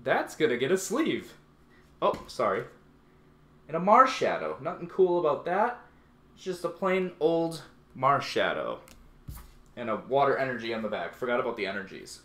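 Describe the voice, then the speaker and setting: Excitable man unboxing cards, echoey room. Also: normal speed, pauses often. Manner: excitable, playful, self-mocking, voice jumps high when excited. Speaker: YouTube unboxing host. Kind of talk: casual unboxing commentary.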